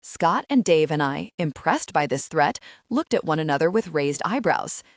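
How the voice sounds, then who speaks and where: A woman's voice: sits low, expressive, normal speed, no echo, clean studio sound. A woman reading a first-person audiobook aloud, telling the story expressively and giving the characters' lines voices of their own. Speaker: audiobook narrator.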